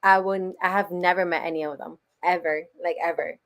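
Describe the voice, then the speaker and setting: A woman's voice: lowish voice, steady tone, a little fast. A woman being interviewed as a guest, talking casually and eagerly, laughing often and filling with "like". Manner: enthusiastic, laughs often, fills with "like". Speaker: interview guest, wrestling fan.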